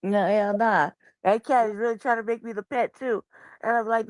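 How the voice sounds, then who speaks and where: A woman with a fairly high voice hosts a loose, casual chat show. She tells stories with a lot of slang and cursing. The sound is dry and close. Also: normal speed, no room sound. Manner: profane, animated storytelling with slang. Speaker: host.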